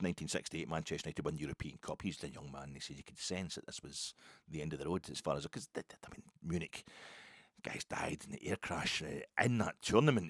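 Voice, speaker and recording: A man hosting a solo football podcast, rambling and excitable with lots of restarts and asides. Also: low voice, no echo, clean studio sound. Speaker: podcast host.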